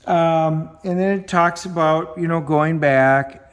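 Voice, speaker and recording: A man's voice: fairly high pitch, takes it slowly. Chatty middle-aged man reviewing comics. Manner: chatty, with frequent ums, acting out quoted dialogue. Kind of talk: casual review chat.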